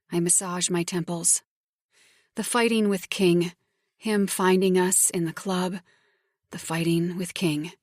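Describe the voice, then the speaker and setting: Woman narrating a romance audiobook, lowish voice. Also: no echo, clean studio sound. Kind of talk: first-person scripted narration.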